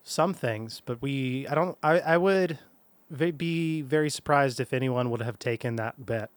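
A man's voice: medium pitch, a little slow, no room sound. A man co-hosting a podcast, chatting casually and rambling with lots of fillers. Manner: rambling, laid-back, many fillers. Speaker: podcast co-host. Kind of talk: casual chat.

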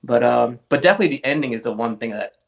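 Man telling animated collector anecdotes. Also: medium pitch, racing, creaky. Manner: animated anecdotes, acts out quoted voices. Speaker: guest, comic art collector. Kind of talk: casual storytelling in an interview.

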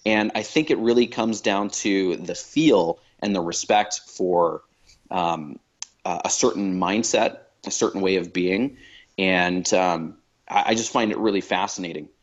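Reflective male interviewee; low voice, muffled recording, musing pace. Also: unhurried. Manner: thoughtful, many fillers and restarts. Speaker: podcast guest. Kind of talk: reflective conversation.

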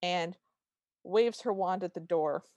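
A woman's voice: fairly low pitch, slow, no room sound. A woman co-hosting a podcast, recapping an episode and acting out quotes as she goes. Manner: animated storyteller, acts out quotes. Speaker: podcast co-host. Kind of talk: casual recap chat.

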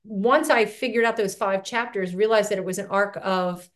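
A middle-aged woman, an author and poet, telling her story as an interview guest in a lively, self-deprecating way. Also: mid-range voice, moderate pace. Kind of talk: conversational interview.

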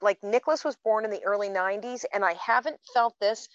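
A woman in her fifties co-hosts a podcast, telling stories in a casual, chatty manner with plenty of fillers. She talks fairly quickly at medium pitch. The sound is dull and dry, with no echo.

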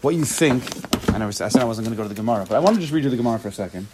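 A man's voice: medium pitch, lively intonation, very noisy. Man teaching a Talmud class. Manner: thinks aloud, quick restarts, reads text aloud. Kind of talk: casual shiur teaching.

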